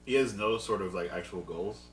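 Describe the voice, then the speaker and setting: Deep, quick, wisecracking man. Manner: dry, wisecracking. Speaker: podcast co-host. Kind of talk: casual chat. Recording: roomy, distant mic, faint hum.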